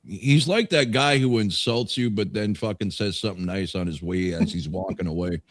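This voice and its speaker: A man's voice: low voice, moderate pace. A man hosting a music reaction show, teasing his co-hosts and swearing in casual banter. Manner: teasing, profane, lively.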